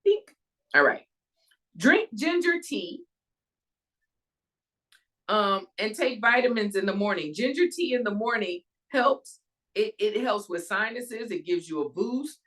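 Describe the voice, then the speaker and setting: A woman hosting her own show, giving an animated faith-based talk on soul care and self-care. She calls her listeners y'all and checks in with them, asking "all right?". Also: mid-range voice, unhurried, pauses often. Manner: emphatic, preacher-like cadence. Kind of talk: casual inspirational talk.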